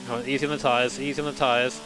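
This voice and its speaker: A man's voice: medium pitch, flat delivery, fast talker, background noise. A man in his late twenties, a sim racing streamer chatting casually with swearing and rambling stories. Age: late 20s. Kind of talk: casual live-stream chat.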